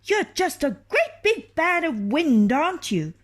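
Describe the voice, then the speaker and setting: A woman reading a storybook and voicing a tiny, fearless boy who taunts a monster in a shrill, bold voice. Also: very animated, a little slow. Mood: taunting.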